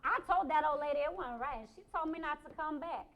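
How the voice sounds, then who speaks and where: A woman's voice: sits high, fairly quick, fairly bright tone. An actress playing a sassy, outspoken mother of five in a one-woman stage play, talking bluntly in streetwise slang.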